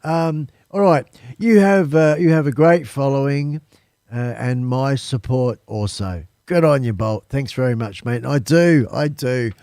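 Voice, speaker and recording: An Australian man talks to his live-stream viewers from a small home studio, rambling along and calling them folks. His voice sits at an everyday middle pitch. The sound is dry and close, with no room echo. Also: unhurried, a little mellow. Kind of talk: casual live-stream chat.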